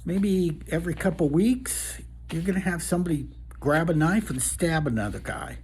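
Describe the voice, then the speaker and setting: A man's voice: on the high side, normal speed, darkish tone, husky. A man doing a drawling old saloon owner. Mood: warning. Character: gruff frontier saloon owner, older man.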